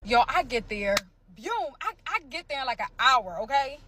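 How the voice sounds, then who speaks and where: A woman from Pennsylvania telling her own story in a casual vlog, emphatic and animated, repeating phrases and acting out sounds. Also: high voice, moderate pace, a little hiss or hum. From Pennsylvania, USA.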